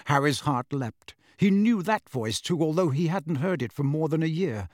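A man narrating a storybook in a dramatic, expressive reading. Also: fairly high pitch, normal speed, few pauses, no echo, studio quality. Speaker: audiobook narrator.

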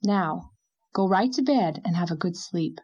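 A woman's voice: lowish voice, expressive, a little mellow, breathy edge, heavily acted. A woman voicing a cheerful young wife who teases her friend in a playfully bossy way. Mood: teasing. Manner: teasing, brisk, playfully bossy. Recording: dull lo-fi recording.

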